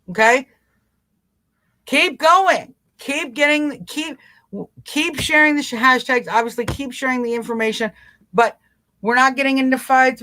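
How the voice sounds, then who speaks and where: A woman's voice: fairly high pitch, a bit bright. Woman urging viewers emphatically. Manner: emphatic, repetitive exhortation straight to viewers; mimics people with quick acted asides. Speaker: live-stream show host. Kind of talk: live political talk stream.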